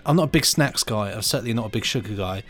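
A man's voice: on the low side, lively intonation, fast, faint music behind. A man co-hosting a podcast, chatting casually and enthusiastically and laughing easily. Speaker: podcast co-host. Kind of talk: casual chat.

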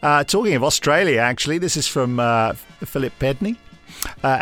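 A man's voice: medium pitch, lively intonation, moderate pace, a bit bright, faint music behind. Jokey man reading listener emails. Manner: jokey, laughs as he reads. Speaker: podcast co-host.

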